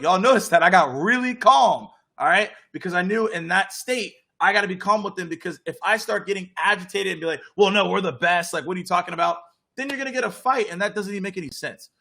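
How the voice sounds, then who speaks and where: A young man with a high-sitting voice hosts a casual live Q&A. He's energetic and direct as he coaches viewers on handling sales calls.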